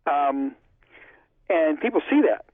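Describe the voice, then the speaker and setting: A man's voice: on the high side, expressive, slow, dry recording. A man being interviewed, telling stories in a chatty way and acting out past conversations line by line. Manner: chatty, retells conversations in dialogue. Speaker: interview guest, filmmaker. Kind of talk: casual storytelling interview. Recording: dry, phone-like line.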